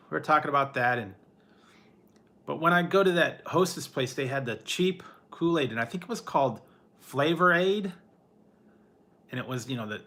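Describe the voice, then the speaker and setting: Man, casual home livestream chat, bright voice, loose and rambling, quick laughs. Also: mid-range voice. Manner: rambling, chuckles often, talks to his pet. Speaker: livestream host. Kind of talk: casual chat with live chat viewers.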